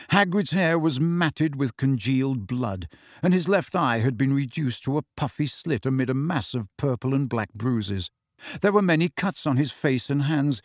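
A man narrating an audiobook in an expressive storytelling voice. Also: medium pitch, no echo, clean studio sound.

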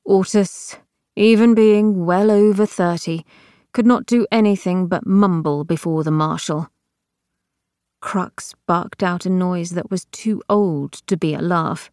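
A woman narrating a novel as an audiobook in measured, even storytelling. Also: fairly low pitch, dry recording, studio quality. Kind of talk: scripted fiction narration.

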